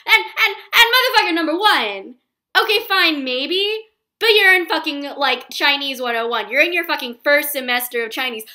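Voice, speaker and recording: A young woman telling a funny personal story in an animated, profane and emphatic way. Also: high voice.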